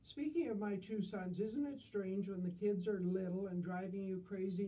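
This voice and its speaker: A woman's voice: medium pitch, warm tone, recorded from a distance, rough recording. Dry-witted older woman reading humor. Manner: dry, self-deprecating wit.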